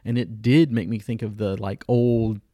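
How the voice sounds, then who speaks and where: A man's voice: on the low side, fairly even intonation, moderate pace, dark tone, no echo. A man co-hosting a podcast, casually reviewing shows in a laid-back way and giving dry verdicts. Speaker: podcast co-host.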